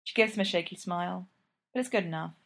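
A woman reads a story aloud in a calm, even narrating voice. She keeps a steady, unhurried pace. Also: on the low side, gravelly. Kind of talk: fan fiction reading.

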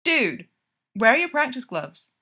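A woman reading a story, voicing an excitable young man, a hockey player, who exclaims and gets easily rattled. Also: high-pitched, a little slow, pitched above the performer's own voice, full character voice. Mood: exasperated.

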